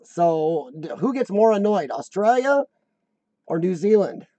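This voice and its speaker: A man's voice: sits high, very animated, measured pace, warm tone, no echo. An American man hosting a live stream, rambling casually and joking to his viewers. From United States.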